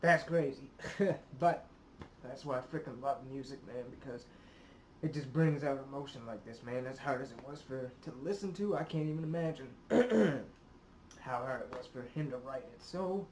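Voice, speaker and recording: A man hosting a casual reaction video, choked up and emotional, talking haltingly between heavy sighing exhales and swearing. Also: mid-range voice. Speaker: YouTube reaction host. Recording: roomy echo.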